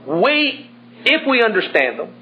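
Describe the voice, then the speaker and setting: A man's voice: sits high, sing-song, unhurried. A man preaching a sermon in an earnest manner, building to emphatic points. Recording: muffled lo-fi sermon recording.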